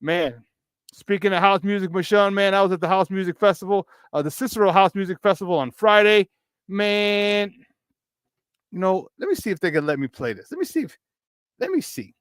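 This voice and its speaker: A man with a Chicago accent, hosting a morning sports talk show in a hyped, playful way, shouting out to his viewers. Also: sits high, normal speed, clean tone, no echo.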